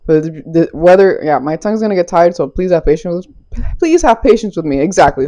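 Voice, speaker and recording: A woman's voice: on the low side, very animated, fairly quick, dark tone, a little hiss or hum. A young woman giving a casual spiritual tarot reading, loose and playful, swearing, using slang and laughing often. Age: young adult. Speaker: tarot reader.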